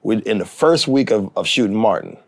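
Animated man telling a long story. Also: on the low side, fairly quick, vocal fry. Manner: animated, acts out quoted voices. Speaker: TV writer and actor. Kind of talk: casual storytelling interview.

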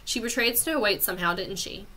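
A woman voicing a cautious young boy hero, speaking quietly and slowly in a storybook read-aloud. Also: medium pitch. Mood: calm. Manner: quiet and slow.

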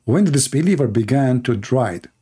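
A man's voice: mid-range voice, animated, moderate pace, mellow, breathy edge. A man in a live-streamed religious debate, mocking and sarcastic, who laughs at his own jabs, reads passages aloud and acts out the voices he quotes, speaking English with non-native grammar. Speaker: online debater.

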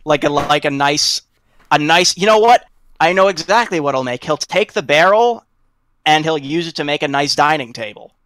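A male tabletop player, eagerly planning out loud with lots of hedging. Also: a little high, moderate pace, no room sound. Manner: excited, plans aloud with hedges. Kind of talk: tabletop game chat.

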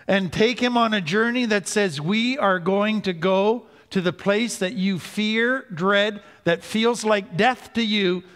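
A man giving an earnest teaching talk on recovery, slowing down to stress key points. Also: high-pitched, fairly bright tone, smooth. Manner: earnest, slows down for emphasis. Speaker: recovery speaker. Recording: hall reverb.

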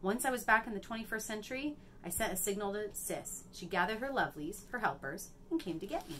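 Lady reading as a gruff older magic lady, firm and bossy, swings up and down a lot in a storybook. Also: medium pitch, lively intonation, fairly bright tone, slight background noise, natural voice. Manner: firm, brisk, lecturing. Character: stern, gruff older woman magic mentor.

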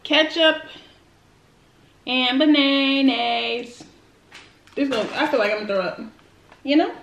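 This is a woman with a high voice hosting a casual food-tasting vlog. She chats loosely to her viewers between bites and uses plenty of slang. The recording has a noticeable room echo. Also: measured pace, fairly bright tone, a little hiss or hum. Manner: chatty, slangy, talks to viewers while eating. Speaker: food vlogger. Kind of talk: casual eating-show chat.

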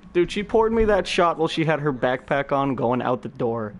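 A man's voice: fairly high pitch, measured pace, highs cut off, slight background noise. A man streaming a game, chatting casually with friends and telling a story with swearing and laughs. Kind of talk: casual gaming chat.

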